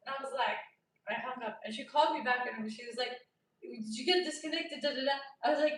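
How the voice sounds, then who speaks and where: This is a young woman vlogging in a casual storytime way, loud by nature and quick to laugh as she plays out the voices in her story. Her voice sits high and lively. It rings with heavy room echo and sounds set back from the microphone. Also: recorded from a distance. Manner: animated, laughs often, acts out dialogue loudly. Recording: echoey room, voice from off-mic.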